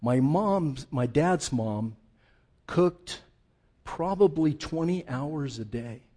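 A male preacher with a somewhat high voice delivers a sermon through funny, animated stories. He slows down for emphasis and swings between loud and quiet. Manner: animated, humorous storytelling, dramatic slowdowns. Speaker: pastor.

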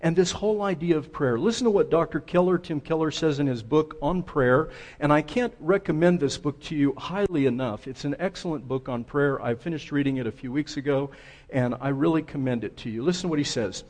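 A man preaching a sermon, telling stories in a conversational, relaxed way. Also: on the high side, brisk. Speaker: pastor.

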